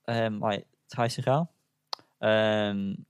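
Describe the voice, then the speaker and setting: A man's voice: on the low side, steady tone, slow pace, clear, resonant tone, no echo. A man co-hosting a casual album review chat, hesitant and self-deprecating, full of ums. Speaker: podcast co-host reviewing albums.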